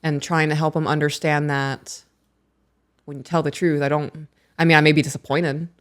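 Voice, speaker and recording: A woman in her thirties with a slightly low voice, talking casually on a podcast. She reads passages aloud and tells family stories, acting out every quote with big swings in her voice. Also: moderate pace. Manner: animated storyteller who acts out quotes. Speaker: podcast co-host. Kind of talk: casual podcast chat, reading aloud from a book.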